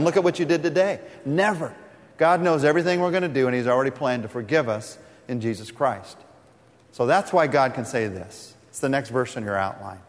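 Emphatic male preacher in a reverberant hall. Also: a little high. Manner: teaching from scripture, emphatic. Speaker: pastor. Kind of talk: sermon.

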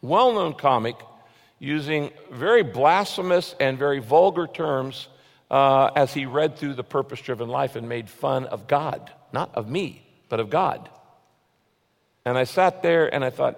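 A man's voice: expressive, a little slow, gravelly. Earnest preaching man in a reverberant hall. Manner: earnest preaching, rising for emphasis then dropping soft and low. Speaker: pastor. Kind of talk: sermon.

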